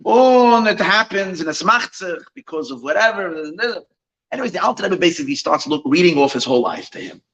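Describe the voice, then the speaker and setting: A man, a rabbi, telling a Chassidic story at an evening gathering, animated, with many restarts and Yiddish phrases mixed in. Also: high voice, a little fast, muffled recording.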